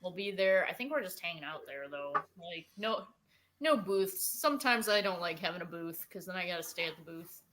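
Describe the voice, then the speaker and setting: A young woman, a paranormal investigator guest, chatting casually in a scattered, animated way and acting out voices she quotes. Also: fairly low pitch, a little fast, noisy background. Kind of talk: casual chat.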